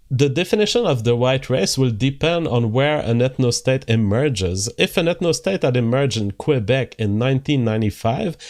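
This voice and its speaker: A man hosting a livestream, reading viewer messages aloud and explaining at length in a measured way. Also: medium pitch, darkish tone. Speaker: host.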